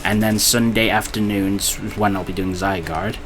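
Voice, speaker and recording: Rich: A man with a fairly low voice hosts his own game stream in casual chat. He comments on the match as it goes and talks through his streaming plans, with faint ambient noise underneath. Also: steady tone, normal speed, a bit bright. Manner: chatty, commenting on the game while announcing his schedule. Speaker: streamer hosting a multiplayer game session.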